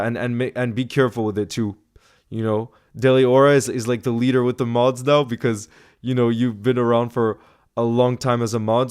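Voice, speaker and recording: A young man hosting a football live stream, reading out viewer messages and giving excitable shout-outs. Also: medium pitch, smooth.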